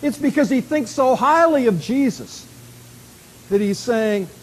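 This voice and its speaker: A male preacher with a fairly high voice, delivering an expository sermon. He speaks emphatically and swings between hushed, quiet passages and loud, forceful stretches. A faint hiss sits under the voice. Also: animated, moderate pace, poor audio. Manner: emphatic, with dramatic swings in loudness.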